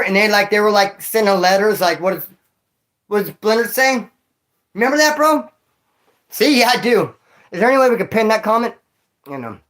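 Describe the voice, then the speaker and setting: Man streamer, relaxed slangy storyteller, addresses a viewer on stream. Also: high voice. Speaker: former prisoner streamer reading chat. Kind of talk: casual livestream chat and storytelling.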